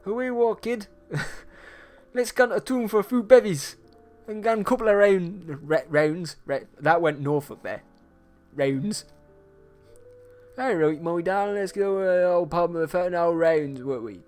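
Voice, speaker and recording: A man voicing a hard-drinking Geordie lad calling mates to the pub, in a loud mock Geordie accent. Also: sits high, measured pace, soft background music. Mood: boisterous. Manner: boisterous, bellowing pub talk.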